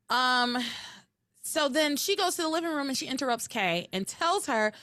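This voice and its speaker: A woman co-hosting a podcast, recapping episodes in animated casual chat and acting out quoted lines. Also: on the high side, moderate pace, dry recording, clean studio sound. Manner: animated, recounting with quoted voices. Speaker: podcast co-host.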